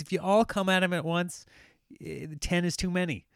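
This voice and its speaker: A man rambles through a casual story on his podcast, animated and quick to laugh. His voice sits a bit high for a man and comes through smooth and clear. The sound is dry and close, with no room around it. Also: dry recording. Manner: animated, rambling, laughs often while telling stories. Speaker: podcast host.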